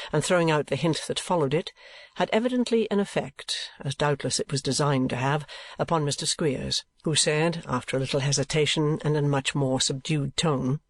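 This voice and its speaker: A man narrating an audiobook chapter in an even, measured storytelling voice. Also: on the high side, no room sound. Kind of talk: scripted narration.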